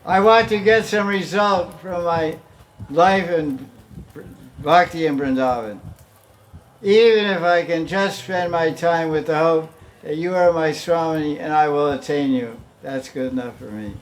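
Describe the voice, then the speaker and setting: A man's voice: a little high, unhurried, a little hiss or hum. A man teaching a devotional class in a loose, conversational way, often chuckling and acting out the pleas he quotes. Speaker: spiritual teacher.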